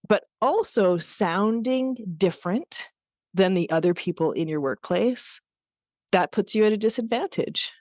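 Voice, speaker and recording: A woman's voice: medium pitch, expressive, moderate pace, no room sound. A woman with a background in linguistics, speaking candidly and directly as an interview guest. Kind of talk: conversational interview.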